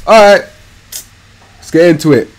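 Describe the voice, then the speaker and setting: A young man talks through a football management game live on stream. His voice is lively and bouncy, dropping to low mutters and jumping up to loud yelps. His street slang never lets up. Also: unhurried. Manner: slangy, animated, swings from mumbled asides to loud outbursts. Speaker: gaming streamer. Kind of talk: live gameplay commentary.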